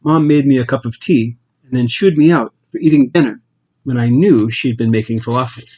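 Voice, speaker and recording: A man narrates an audiobook in a steady, measured voice at a middling pitch. His delivery is plain and controlled throughout. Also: lo-fi sound. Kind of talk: scripted narration.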